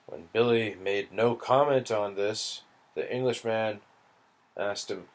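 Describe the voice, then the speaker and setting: A man reading a novel aloud in a slow, deliberate manner. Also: lowish voice. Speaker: audiobook reader.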